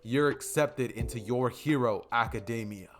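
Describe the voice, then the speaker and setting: All Might, a booming hero done by a man. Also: natural voice. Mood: triumphant. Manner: loud, slow, drawn-out proclamation. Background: music.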